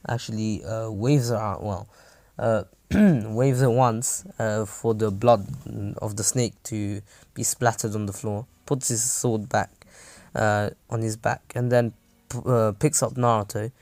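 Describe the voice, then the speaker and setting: A man's voice: fairly low pitch, fairly even intonation, unhurried, darkish tone, no echo. A man casually narrating a fan story, rambling with many fillers and restarts.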